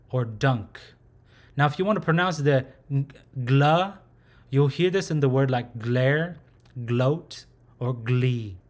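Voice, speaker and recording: A man at a mid pitch, talking slowly and patiently as a language teacher. He sounds out short syllables and says them again for learners, in the even tone of a narrated slide lesson. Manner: slow, patient, repeats sounds aloud.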